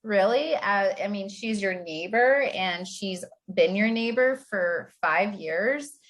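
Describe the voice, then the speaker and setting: A woman of middle pitch plays improv scenes as the show's host. She coaxes and reassures her partners in a playful way, with many fillers and stumbles. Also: lively intonation, slow, fairly bright tone. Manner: playful, coaxing, hesitant with fillers.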